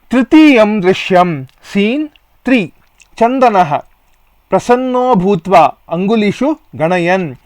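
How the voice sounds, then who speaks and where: Indian english guy teaching sanskrit line by line, kinda high voice, dry close mic. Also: dry recording. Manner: reads Sanskrit phrase by phrase and glosses each in English. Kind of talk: lesson reading and translating a textbook play.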